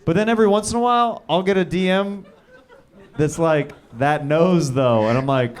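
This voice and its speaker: A male host on a comedy club stage bantering with a comedian in a dry, wry way. His voice sits slightly high. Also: moderate pace, background noise. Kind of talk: live comedy show hosting and banter.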